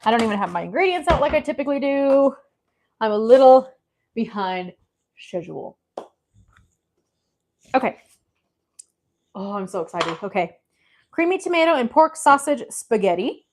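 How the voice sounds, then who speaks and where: A woman's voice: fairly high pitch, expressive, normal speed, pauses often, slight background noise. A woman vlogging casually from her home kitchen, out of breath and frazzled, chatting to herself as she gathers things. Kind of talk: casual cooking vlog chat.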